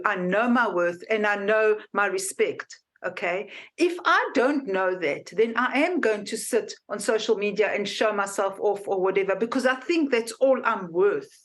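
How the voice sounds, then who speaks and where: A woman's voice: medium pitch, animated, unhurried, fairly bright tone. A woman hosting a podcast, speaking firmly and with self-assurance, repeating her points. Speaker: podcast host. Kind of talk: conversational podcast talk.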